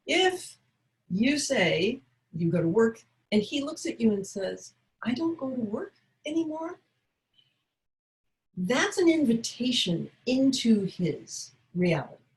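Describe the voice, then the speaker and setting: A woman's voice: medium pitch, low-quality recording. Woman, caregiving educator, instructional talk, acts out little dialogue examples. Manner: acts out short dialogue examples, warm and coaching.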